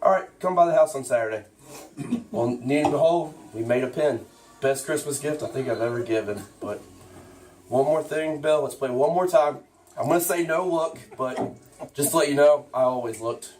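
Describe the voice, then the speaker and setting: A man's voice: medium pitch, moderate pace, darkish tone. A man giving a joking tribute speech at a dedication, addressing his friend directly. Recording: voice from far off.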